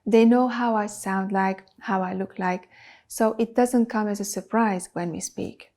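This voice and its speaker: Speaking unhurriedly in a mid-range voice, this woman offers business advice on camera. English isn't her first language; she's a video producer and channel host who makes client videos, and she stresses her points while listing them steadily.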